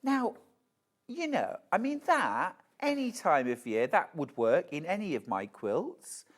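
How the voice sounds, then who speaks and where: A woman's voice: fairly low pitch, big pitch swings, a little slow. A woman presenting on a live shopping channel, gushing and chatty as she shows products and reads out viewer messages.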